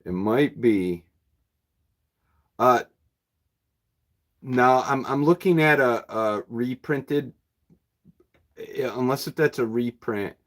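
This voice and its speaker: A man's voice: medium pitch, takes it slowly, long pauses. Easygoing rambling bookshop owner, a man. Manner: rambling, easygoing, chuckles often. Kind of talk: casual livestream chat with viewers.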